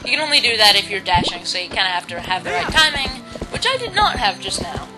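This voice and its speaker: A woman hosting a casual video game playthrough, chatty and self-mocking, now and then bursting into loud shouts. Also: mid-range voice, sing-song, quick pace, low-quality recording. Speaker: let's play host. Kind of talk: casual gameplay commentary. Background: video game music.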